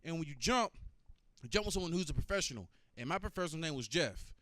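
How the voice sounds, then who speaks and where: A man's voice: a little high, animated, fast talker, sharp tone, no room sound, clean studio sound. A man doing a stand-up comedy set, talking loosely and profanely and working the crowd.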